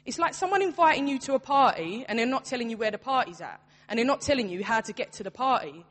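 A woman's voice: a little high, expressive, fast, fairly bright tone. A young adult woman, a church youth worker, preaching a sermon in an earnest, conversational way. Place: church hall. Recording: long hall reverb.

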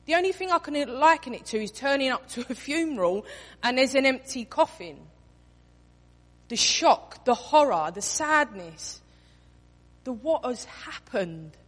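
A woman's voice: high-pitched, a little slow. Woman preaching in an echoing hall. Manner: expressive, acts out quotes in voices. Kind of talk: sermon. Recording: reverberant hall.

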